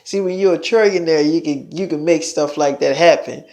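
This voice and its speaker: A man's voice: on the high side, moderate pace, a little mellow. A man casually retelling a heated phone call as a vlogger, swearing freely and rambling through the story.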